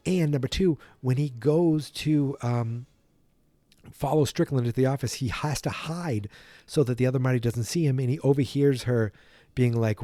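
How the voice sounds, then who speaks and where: A man's voice: mid-range voice, normal speed, mellow, dry recording. A man hosting a podcast, casually retelling a film from memory in a rambling way. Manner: rambling, full of restarts and impressions. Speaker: podcast host.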